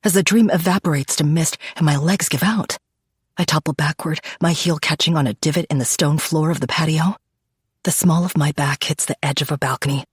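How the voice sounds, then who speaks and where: A woman reads a dark romance audiobook in the first person, with a low, husky voice. Her delivery is intimate and dramatic. The recording is dry and close. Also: dry recording. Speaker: audiobook narrator.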